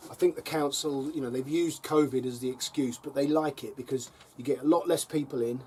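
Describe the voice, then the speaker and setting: A man's voice: mid-range voice, fairly even intonation, fairly quick, mellow, a little hiss or hum. A middle-aged man chatting casually to camera on his allotment, telling wry stories and chuckling between them. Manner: wry, chuckling storyteller with dry jabs. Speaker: allotment vlogger. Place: allotment plot by a fire.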